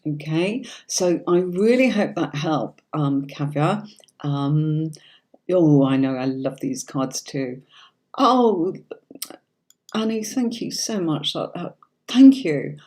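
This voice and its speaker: Her voice sits low and a little mellow, with lively intonation, and she takes things slowly. This tarot reader from Yorkshire, England, speaks with a neutral standard British accent while hosting a livestream reading, chatting warmly to reassure her audience and often checking in on them.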